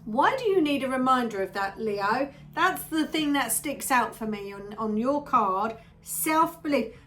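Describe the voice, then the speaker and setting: A woman's voice: high-pitched, fairly bright tone, a little hiss or hum. A woman giving a casual tarot reading to her viewers, chatty and rambling, often drifting into little asides. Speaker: tarot reader.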